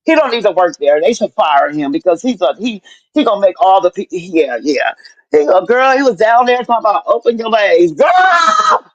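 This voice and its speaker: A woman on a video call, telling stories in a casual chat, animated and laughing with lots of swearing. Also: mid-range voice, brisk, no echo. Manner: animated, laughing, profane storyteller. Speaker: guest recovering at home. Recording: dull lo-fi dry sound.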